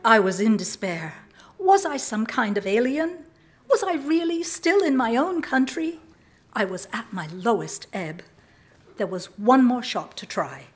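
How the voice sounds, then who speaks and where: Lively woman telling a story. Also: on the high side, a little slow. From southern England. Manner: lively, self-mocking storytelling. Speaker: writer reading her work. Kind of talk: reading a humorous personal story aloud.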